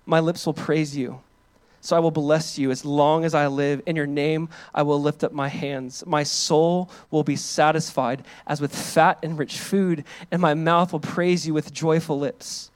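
A male pastor giving a sermon. He talks casually to the congregation and reads scripture aloud with loud, rising emphasis. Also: fairly high pitch, little pitch movement, measured pace, few pauses, smooth. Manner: calls on the congregation to join in.

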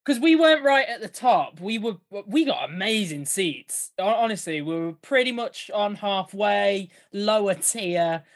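A man's voice: high voice, expressive, unhurried, hardly any pauses. A man chatting on a football podcast, telling a story with slang and laughter. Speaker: podcast co-host. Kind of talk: casual podcast chat.

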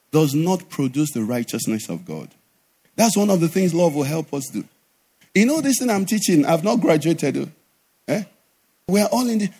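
High-voiced preacher. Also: male voice. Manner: animated preaching with sudden drops to a low conversational voice and acted asides. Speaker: pastor. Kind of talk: sermon.

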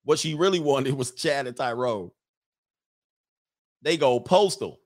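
A man's voice: mid-range voice, animated, a little slow, no echo, studio quality. A man hosting a casual livestream, reading chat comments aloud and riffing on them in a brash, joking way, laughing often.

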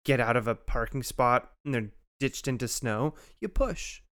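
A man in relaxed podcast chat with a smooth, clear voice at a middle pitch. He reacts with loud, emphatic exclamations and swears casually. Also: moderate pace. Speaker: podcast co-host.

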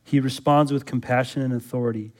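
A pastor preaching a sermon in a church, asking the congregation rhetorical questions and building to loud, urgent exhortation. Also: male voice, medium pitch, fairly even intonation, brisk.

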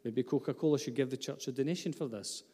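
Pastor preaching in a reverberant hall. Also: male voice, medium pitch, quick pace, warm tone. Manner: earnest, with light asides to the congregation. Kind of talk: sermon. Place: church hall.

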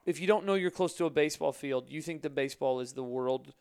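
Upbeat podcast host man, smooth voice. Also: a little high, darkish tone. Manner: enthusiastic, chatty, quick affirmations. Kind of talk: casual podcast interview.

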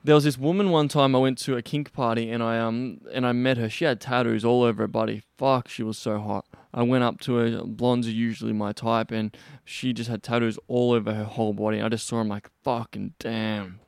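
A man's voice: mid-range voice, flat delivery, a little fast, gravelly, clear, resonant tone, no room sound, clean studio sound. A young man hosting a podcast, telling a rambling story with heavy swearing and frequent restarts. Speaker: podcast host. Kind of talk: casual storytelling monologue.

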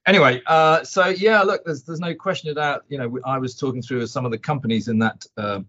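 A man hosts a casual market podcast, chatting along with plenty of ums and restarts. His voice sits at a middle pitch. The recording sounds dull and lo-fi. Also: a little fast, pushed and bright. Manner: chatty, rambling with many fillers and restarts. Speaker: podcast host. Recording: dull lo-fi audio.

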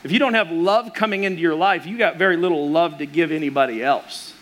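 A pastor with a notably high voice preaches a sermon. He tells stories with humor and animated asides, drawing the congregation in. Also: fairly quick.

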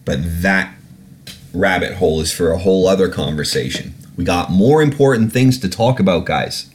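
A man hosting a podcast, ranting in a sarcastic, heavily swearing way and repeatedly getting irate before apologizing. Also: fairly low pitch. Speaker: podcast host. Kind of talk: casual podcast rant.

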